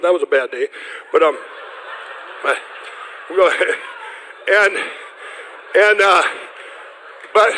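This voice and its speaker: Middle-aged man, high-pitched, chatty testimony speaker who keeps restarting sentences and laughing; long hall reverb. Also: a bit bright. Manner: rambling, self-interrupting storyteller who laughs often. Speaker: speaker addressing a group of pastors. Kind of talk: personal testimony talk.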